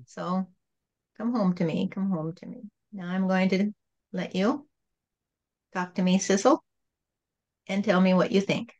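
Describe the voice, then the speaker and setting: A woman channeling God as a calm, patient spirit, speaking in a gentle, repetitive teaching tone. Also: mid-range voice, measured pace, long pauses, muffled recording, natural voice.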